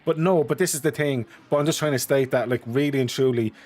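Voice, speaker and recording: A man's voice: mid-range voice, fast, darkish tone. A man streaming and co-commentating a sim race, talking in a chatty and teasing way.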